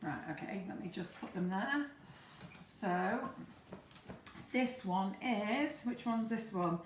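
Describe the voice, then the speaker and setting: A woman's voice: medium pitch, expressive, takes it slowly, a little hiss or hum. A woman hosting a live cake-decorating demo, chatty and teasing. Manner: chatty, teasing, laughs often. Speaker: shop host. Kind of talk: live-stream demo chat. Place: shop demo kitchen. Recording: echoey kitchen from far off.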